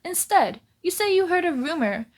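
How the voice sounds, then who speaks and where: A smug male cartoon dog consultant hands out advice in a brisk, self-assured way. A woman reads him out in a slightly raised, louder voice. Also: extremely high pitch, very animated, voice pushed up.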